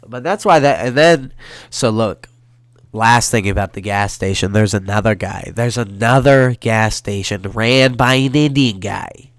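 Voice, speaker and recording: A young man with a stuffy nose ranting alone in his bedroom for a solo podcast, swearing and flaring into loud outbursts. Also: lowish voice, measured pace, no room sound. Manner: profane, heated ranting with sudden loud outbursts. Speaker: podcast host.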